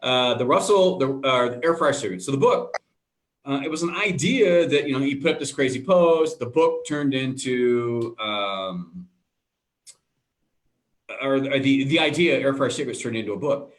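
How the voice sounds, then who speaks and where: A man's voice: medium pitch, lively intonation, moderate pace. A man co-hosting a live web show, chatting casually, rambling through stories full of tangents and acted-out quotes. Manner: rambling storyteller, goes off on tangents; acts out quoted voices in his stories. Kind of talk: casual chat.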